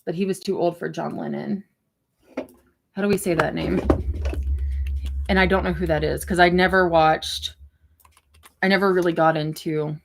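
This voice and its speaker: A woman's voice: lowish voice, fairly even intonation, normal speed, gravelly, pauses often. A woman hosting a casual livestream and chatting loosely as she reacts to viewer comments, rambling with lots of fillers and the odd swear. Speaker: livestream host.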